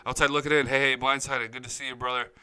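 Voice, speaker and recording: A man's voice: mid-range voice, flat delivery, fast talker, sharp tone, smooth, low-quality recording. A man hosting a live-streamed sports talk show, hyped and profane, jumping from topic to topic. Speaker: sports podcast host. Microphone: studio mic, close and dry.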